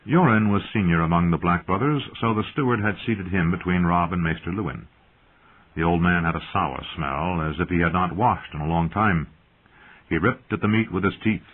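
A man narrating an audiobook in a steady, dramatic storytelling manner, heard through a narrow, phone-like sound. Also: sits low, moderate pace, breathy edge. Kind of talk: scripted narration.

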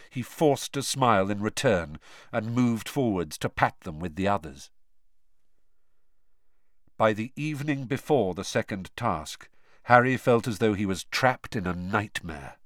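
Expressive male audiobook narrator, lively pitch, dry close recording. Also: dry recording. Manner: expressive storytelling. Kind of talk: scripted narration.

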